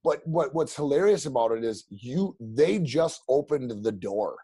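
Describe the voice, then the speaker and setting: Man, podcast guest, animated storytelling, lots of restarts, mid pitch, dry close sound. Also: a little slow, husky, dry recording. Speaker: podcast guest, real estate agent. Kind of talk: casual storytelling interview.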